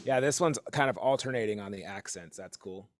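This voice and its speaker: A man leading an online drum lesson, counting bars out loud and stopping to correct himself when he slips. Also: fairly low pitch, a little fast, loud music behind the voice. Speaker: drum teacher leading a group warm-up. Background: drumming.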